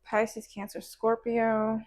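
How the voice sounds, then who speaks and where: A woman's voice: on the high side, completely flat delivery, slow, darkish tone, a little hiss or hum. Chatty playful woman tarot reader. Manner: chatty and playful, with slang and asides to spirit; acts out little quoted voices in between. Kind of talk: casual tarot reading.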